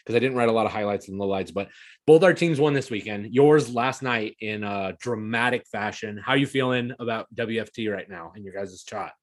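A man co-hosting a casual sports podcast, talking college and pro football in an excitable way, swearing freely and laughing often. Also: lowish voice, brisk. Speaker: podcast co-host.

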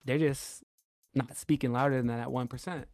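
A man co-hosting a casual podcast, telling animated stories full of "bro" and "like" and cursing freely. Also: medium pitch, normal speed. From US West Coast. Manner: animated storyteller, swears, lots of "like" and "bro". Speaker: podcast co-host. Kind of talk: casual chat.

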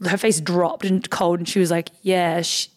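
Aussie woman in her 20s, chatty and bubbly, bit low voice, says like a lot. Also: flat delivery, normal speed. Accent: Australian. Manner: chatty, upbeat storyteller with frequent "like" and "um". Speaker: basketball player, podcast guest. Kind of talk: casual interview chat.

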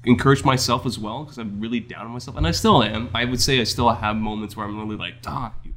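A young man chatting casually with a friend, talking in a soft, reflective, candid way. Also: medium pitch, quick pace. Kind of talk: casual chat between friends.

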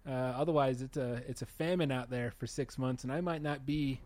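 A man in a casual chat, reasoning out loud and cracking jokes. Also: medium pitch, fairly quick.

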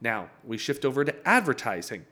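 Man, podcast host, mid pitch, casual explaining, repeats himself. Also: very animated, moderate pace, sharp tone. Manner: conversational with frequent fillers and restarts, repeats key points. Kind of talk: casual teaching monologue.

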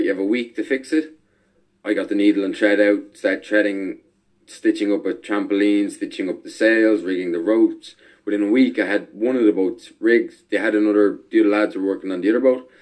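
Chef guest: a deep-voiced man recounting travels, easygoing and chatty. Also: darkish tone. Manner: easygoing, chatty, laughs while telling stories. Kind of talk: casual storytelling.

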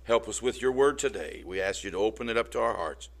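A man's voice: lowish voice, lively intonation, quick pace, gravelly. A man preaching an informal sermon, talking conversationally and often checking in with his listeners.

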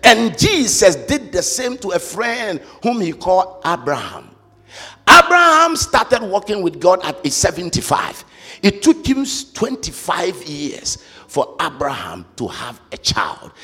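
A male preacher giving an impassioned sermon, shouting and chanting his lines. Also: sits high, very animated, a little slow, husky, in a large hall.

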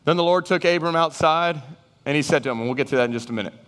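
A man preaching a sermon, animated, acting out Bible figures and his listeners in raised voices. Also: fairly high pitch, very fast. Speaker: pastor. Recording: reverberant hall sound.

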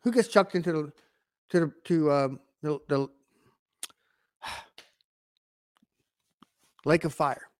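Male online preacher, fairly high voice, dry close sound, emphatic with rhetorical questions and sudden loud swells. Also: slow pace, long pauses, dry recording. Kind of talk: online sermon to camera.

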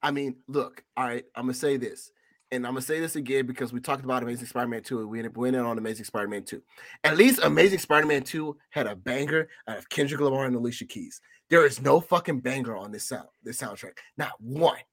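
Gravelly, bright-voiced ranting man. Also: medium pitch, fast talker, no echo, studio quality. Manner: profane, ranting, exasperated. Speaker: podcast co-host. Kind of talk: casual film review chat.

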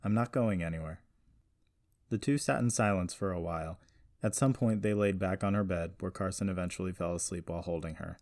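A man reading a scripted story aloud in a steady, even-paced narration. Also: low-pitched, brisk, no echo.

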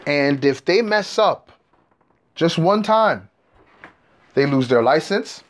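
A man in a casual monologue, telling a story in an animated, streetwise way, with profanity and slang. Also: a little high, slow pace.

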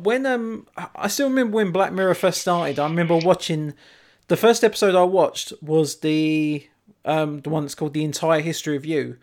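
Male, casual podcast co-host; lively, swears freely. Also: fairly high pitch. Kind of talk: casual chat.

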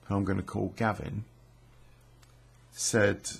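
A middle-aged man tells a true story in a slow, unhurried way, his voice gravelly and very husky. He rambles along with plenty of fillers, restarts and casual swearing. His voice sits fairly low. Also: flat delivery.

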